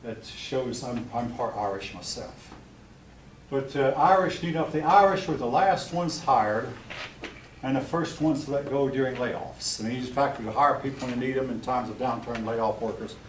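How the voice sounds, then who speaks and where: A man's voice: medium pitch, moderate pace, a little hiss or hum. An older man teaching a history class, lecturing plainly with blunt, opinionated asides to his students. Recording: roomy classroom recorded from a distance.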